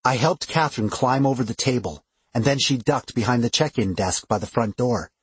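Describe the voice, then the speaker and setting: Expressive male audiobook narrator, husky. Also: medium pitch, normal speed, no echo. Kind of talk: first-person fiction narration.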